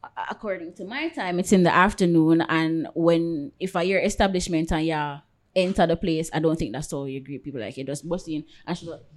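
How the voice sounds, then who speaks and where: Jamaican woman, podcast co-host, animated storyteller, slightly low voice. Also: brisk. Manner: animated, acts out quoted voices. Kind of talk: casual storytelling chat.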